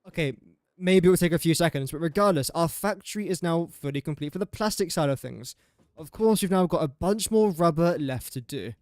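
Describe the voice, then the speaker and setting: On a casual building-game livestream, a young man with an English accent chats fairly quickly in a slightly high, slightly mellow voice. He wanders from topic to topic, mocks himself, and frequently laughs at his own slips. The audio is studio quality with no echo.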